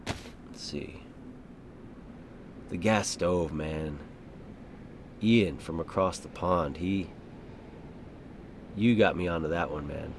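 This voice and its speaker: A man's voice: sits low, slow, long pauses. A man hosting a gaming channel, chatting casually over gameplay in a rambling, easygoing way with chuckles. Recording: clearly audible game noise behind voice.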